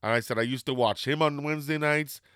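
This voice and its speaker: A man from Canada telling a casual story on a podcast, animated and swearing as he acts out what people said. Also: fairly high pitch, fast, clean tone, no room sound, clean studio sound.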